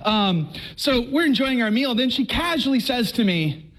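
A middle-aged man from Texas, giving an animated personal testimony to a live audience, joking at times and earnest at others. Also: extremely high pitch, moderate pace. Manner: lively, joking, then earnest and preachy.

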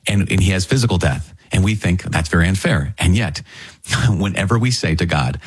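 A man giving scripture commentary as a Bible teacher, lively and full of rhetorical questions, chuckling now and then. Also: low-pitched, moderate pace, husky, dry recording.

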